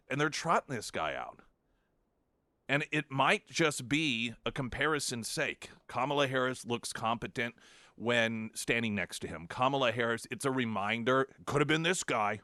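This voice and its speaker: A man hosting morning talk radio, his voice bright and forward, recorded dry and close in a studio. He talks conversationally and opinionated, stumbling through fillers and restarts as he riffs on the day's issues. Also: mid-range voice, dry recording. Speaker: radio talk show host. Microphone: studio microphone.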